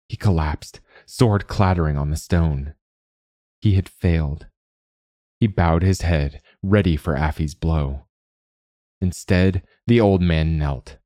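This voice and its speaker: A man narrating a fantasy story in a steady, even reading. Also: low voice, no room sound, studio quality.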